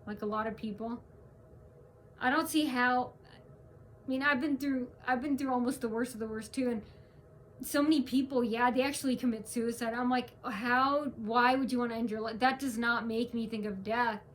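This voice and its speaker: Woman, casual vlog rant, rambling, emphatic, high voice. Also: fairly even intonation, moderate pace, slight background noise. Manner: rambling, restarts often, emphatic. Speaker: vlogger.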